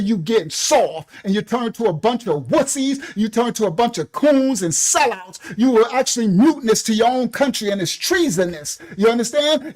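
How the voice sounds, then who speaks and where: A man's voice: very high voice, rough recording. Fiery older man ranting. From Long Island, New York. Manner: fiery, preachy, rambling. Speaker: ministry channel host. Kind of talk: ranting monologue.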